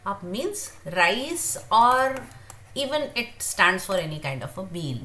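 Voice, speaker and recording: A woman teaching a beginner pronunciation lesson, repeating each sound slowly many times with frequent hesitations. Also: mid-range voice, sing-song, fairly bright tone, slight background noise. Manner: halting, with frequent uh fillers. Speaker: language teacher.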